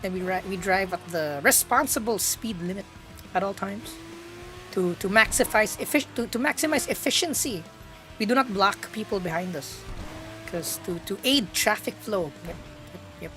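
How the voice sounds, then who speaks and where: A woman's voice: medium pitch, lively intonation, moderate pace, bright, forceful tone, faint music behind. A young woman, chatting playfully to her live-stream audience while gaming and laughing often.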